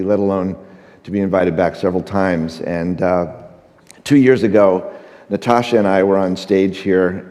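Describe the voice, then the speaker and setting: A man's voice: sits low, warm tone, in a large hall. A middle-aged man, a photographer speaking on a conference stage, tells an anecdote and acts out the dialogue, with frequent fillers. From United States. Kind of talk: storytelling talk on stage. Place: large conference stage before an audience.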